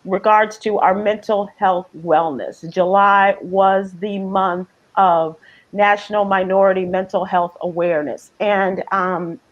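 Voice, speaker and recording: A woman hosting a casual news discussion, thoughtful and halting, with lots of fillers. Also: mid-range voice, fairly even intonation, dull audio. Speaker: host.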